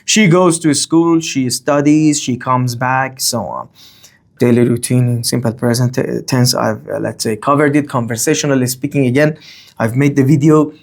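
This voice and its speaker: A man teaching a grammar lesson, speaking, often pausing on okay and uh and reading example sentences with a lifted tone. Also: mid-range voice, fairly even intonation. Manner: explains slowly with many fillers and okays. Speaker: language teacher.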